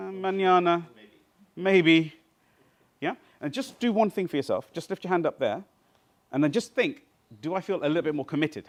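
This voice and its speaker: A man runs a live workshop for a small group, his voice rising and falling in wide swings. He talks to them directly and keeps checking that everyone follows along. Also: a little high. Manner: interactive, keeps checking with the audience. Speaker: seminar trainer. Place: seminar room with a small group.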